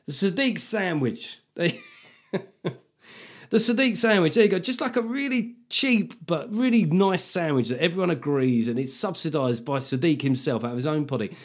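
A man's voice: on the high side, lively intonation, moderate pace. A man hosting his own comedy podcast in a sardonic, profane, rambling solo monologue.

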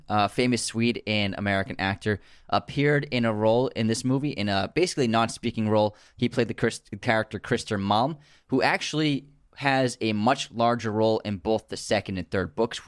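A man co-hosting a podcast, reading film trivia in long relaxed runs and laughing easily. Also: fairly low pitch, no room sound, clean studio sound. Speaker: podcast co-host.

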